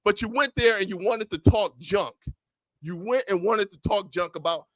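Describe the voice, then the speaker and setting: Podcast host guy, high bright voice, rambling animated storytelling, dry close sound. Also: moderate pace, no echo, rough recording. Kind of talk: casual podcast chat.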